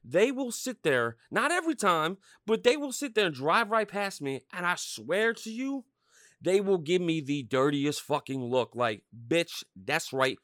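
A man's voice: high voice, big pitch swings, moderate pace, fairly bright tone, no room sound, clean studio sound. A man from Pennsylvania hosting a solo podcast, ranting heatedly and swearing constantly. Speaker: podcast host.

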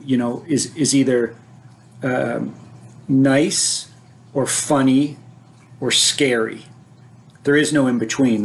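A man telling a personal childhood story like a scene from a movie, vivid and dramatic, with frequent restarts as he builds to an excited high point. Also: a little hiss or hum.

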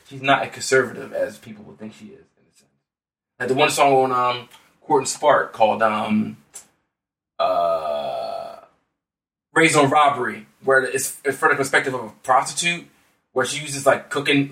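A man's voice: mid-range voice, pushed and bright, reverberant, distant mic. A man talks through songs in a loose, rambling way, his words full of fillers and restarts. He sits a little back from the mic, and the room around him rings. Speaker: podcast co-host. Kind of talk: casual music chat.

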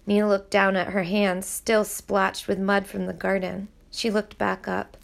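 A woman narrating a novel aloud in a steady, even storytelling voice. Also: mid-range voice, measured pace, vocal fry, hardly any pauses. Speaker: audiobook reader.

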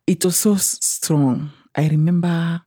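A woman's voice: on the low side, steady tone, dark tone, slightly rough, dry recording, studio quality. Kenyan woman telling her story. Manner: earnest, retells events by acting out quoted speech; halting, with frequent restarts. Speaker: interviewee. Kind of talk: personal testimony, storytelling.

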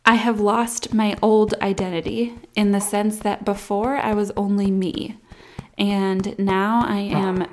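A woman's voice: mid-range voice, little pitch movement, a little slow, a little hiss or hum. A woman in her thirties talks openly in a casual vlog about life as a new mom. Her delivery is reflective and candid, sometimes close to tears. It sounds like personal chat aimed at her followers. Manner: candid, reflective, soft baby talk asides. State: emotional, near tears at times.

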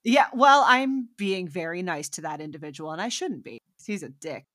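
A young adult woman co-hosting a casual chat podcast, telling stories in an animated, profane way with emphatic bursts. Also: on the low side, moderate pace, dry recording, studio quality. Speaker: podcast co-host.

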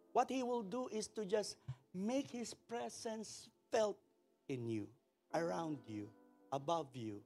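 A man with a Filipino accent preaching a sermon in a church service. He is animated and calls for responses from the congregation. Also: high-pitched, vocal fry. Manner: switches between English and Tagalog mid-sentence. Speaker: pastor.

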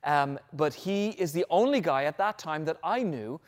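A middle-aged man preaching a sermon, telling a personal story earnestly, swelling louder on key phrases and dropping almost to a whisper. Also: fairly high pitch, lively intonation, normal speed. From Ireland. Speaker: pastor.

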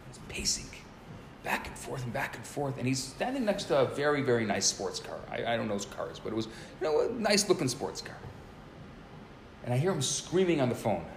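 A man teaches and tells a story to a small group in a relaxed, casual way, often repeating his opening words. His pitch moves a lot, and the room adds a clear echo with a faint hum of background noise behind him. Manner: animated, repeats words when starting sentences.

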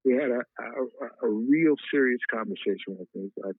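A man's voice: mid-range voice, moderate pace, few pauses, no room sound. Man telling a story over a tinny line. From Wichita, Kansas, USA. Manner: frequent "uh" fillers, heartfelt and reflective. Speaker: guest. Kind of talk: storytelling interview. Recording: tinny phone-like line, dry.

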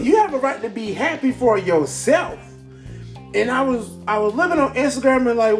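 A man hosting a casual, upbeat motivational talk, rambling excitedly with lots of fillers. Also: high voice. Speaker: podcast host. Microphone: camera mic.

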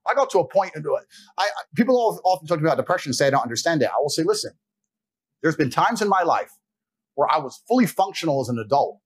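A man's voice: a little high, sing-song, fast, husky. A man giving a blunt, profane, lecturing monologue as a podcast guest. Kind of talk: forceful monologue.

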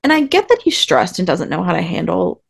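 A woman's voice: on the low side, brisk, gravelly. A woman co-hosting a podcast, recapping a TV episode in casual chat with sarcastic asides. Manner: animated, sarcastic asides, acts out quotes. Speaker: podcast co-host.

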